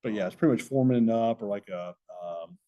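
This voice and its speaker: A man's voice: lowish voice, quick pace, highs cut off. A middle-aged man giving a conversational, explanatory safety presentation and answering audience questions.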